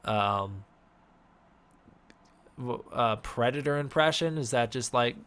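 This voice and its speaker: A man hosting a casual live-stream Q&A, giving offhand, halting answers to chat questions. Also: medium pitch, a bit bright, clear, resonant tone. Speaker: host.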